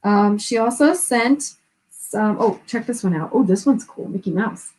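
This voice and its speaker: A woman co-hosting a live stream, chatting casually and gushing with excitement as she unboxes gifts, laughing often. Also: mid-range voice, unhurried, slight background noise, poor audio.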